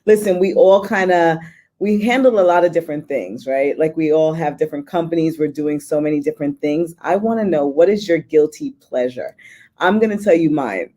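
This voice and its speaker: A woman's voice: deep voice, brisk, warm tone. A woman moderating a panel, casual, chatty and affirming.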